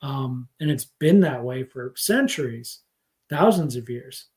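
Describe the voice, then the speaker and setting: A man's voice: medium pitch, animated, unhurried, darkish tone. A man teaching scripture in a casual livestream lesson, rambling and thinking aloud with many fillers. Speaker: spiritual teacher.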